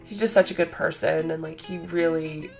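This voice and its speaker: A young woman vlogging in casual chat, gushing and excitable, full of "like" fillers. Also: deep voice, moderate pace, gravelly, faint music behind.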